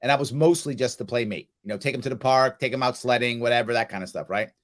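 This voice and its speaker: A middle-aged man hosting a casual chat, telling parenting stories and acting out quoted lines with loud, animated swings. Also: mid-range voice, quick pace. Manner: animated storyteller, acts out quoted lines loudly. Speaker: host.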